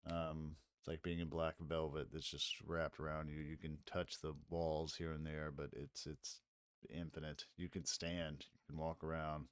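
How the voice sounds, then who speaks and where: A man's voice: a bass voice, flat delivery, moderate pace, smooth, dry recording. A man acting as game master, narrating a tabletop game in a loose, rambling way with frequent chuckles.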